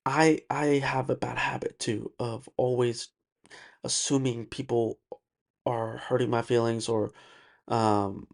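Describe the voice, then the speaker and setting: A man talks alone on his own podcast, pushing his points hard and circling back with repeated words and fillers. His voice sits at a middling pitch with a strong gravelly edge. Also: level tone, slow. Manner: emphatic, ranting, repeats words and uses many fillers. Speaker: podcast host. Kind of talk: solo podcast monologue.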